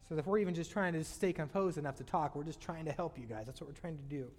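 A man preaching a sermon, with sudden loud swells and soft drops in his voice. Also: fairly high pitch, fast, hardly any pauses. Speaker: pastor. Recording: long hall reverb.

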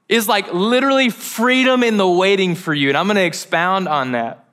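A man's voice: high-pitched, fairly quick, few pauses, bright, forceful tone. A male pastor preaching a sermon in a casual, joking, conversational way, with a lilt. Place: church sanctuary.

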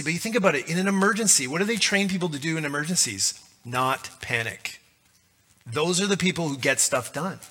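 A man's voice: sits high, expressive, normal speed, sharp tone. A male pastor giving a conversational, joking sermon.

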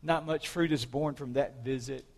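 A man's voice: medium pitch, fairly even intonation, normal speed, gravelly. A man preaching a sermon, retelling a story dramatically with swelling emphasis. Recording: hall reverb.

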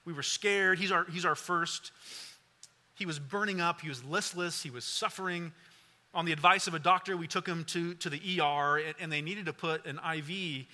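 A pastor in his forties preaches a sermon and prayer, recounting a personal story earnestly and haltingly. He repeats words and falls very soft at tender moments, with a fairly high pitch and fairly even intonation.

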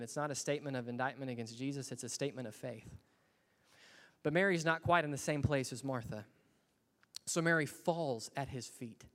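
A man's voice: fairly high pitch, in a large hall. A man preaching a sermon in a church, earnest and building to emphatic bursts. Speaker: pastor.

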